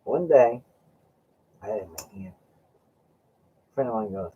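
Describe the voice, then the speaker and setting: A man's voice: on the low side, animated, normal speed, long pauses, a little hiss or hum. A man hosting a casual chat, telling rambling stories with laughs and acting out what his friend said. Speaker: host. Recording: dull lo-fi sound.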